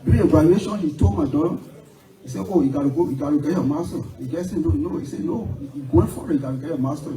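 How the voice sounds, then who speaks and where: Middle-aged Liberian man, repetitive and emotional eulogy, slightly high, roomy distant hall sound. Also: quick pace, warm tone. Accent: Liberian English. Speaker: memorial speaker. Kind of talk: tearful eulogy. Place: memorial gathering hall. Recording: roomy hall from far off, faint music.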